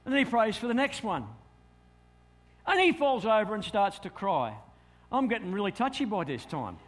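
A middle-aged Australian man, a pastor telling a lively story in a sermon and acting out his own thoughts. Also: sits high, normal speed.

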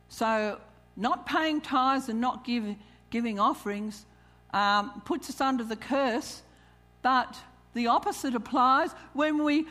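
A woman with a medium-pitched, slightly bright voice preaches a sermon on tithing to her congregation. She calls out questions to them, reads scripture aloud, and chuckles.

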